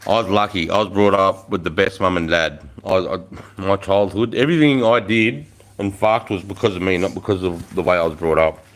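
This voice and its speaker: A man's voice: deep voice, fairly quick, fairly bright tone. An Australian man in his forties, chatting casually on a livestream into his phone, laid-back, swearing freely and chuckling often. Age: 40s. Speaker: livestream host.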